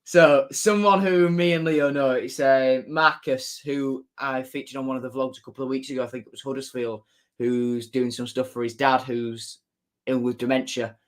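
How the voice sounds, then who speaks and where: A man's voice: medium pitch, steady tone, moderate pace. A man chatting on a live stream as a football fan, reading out viewer comments, often laughing and repeating his own phrases.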